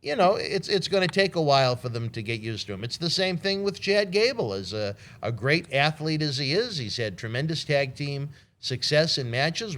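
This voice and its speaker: A man's voice: mid-range voice, a bit bright. A man co-hosting a casual wrestling podcast, giving blunt, opinionated takes and swearing casually. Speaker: wrestling show co-host.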